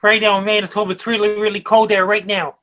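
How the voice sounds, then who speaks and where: A man from Nova Scotia co-hosting, giving weather forecasts in rapid, broken phrases. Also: high-pitched, level tone, pushed and bright, slight background noise. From Nova Scotia, Canada. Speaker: co-host.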